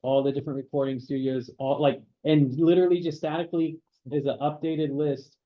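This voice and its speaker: A man's voice: on the high side, steady tone, brisk. A man leading a panel, talking in a casual, enthusiastic, joking way. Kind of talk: panel discussion. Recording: dull lo-fi sound.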